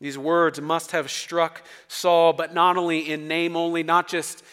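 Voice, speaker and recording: A man preaching a sermon with emphatic delivery and dramatic swings between quiet and loud. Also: on the high side, level tone, unhurried, hardly any pauses, clean tone. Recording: long reverb of a large hall.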